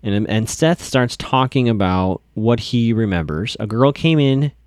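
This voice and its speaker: A man's voice: mid-range voice, animated, measured pace, darkish tone, clear, resonant tone, dry recording, studio quality. A young man casually recapping a TV episode, chatty and amused, with plenty of fillers. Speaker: podcast host recapping a TV episode.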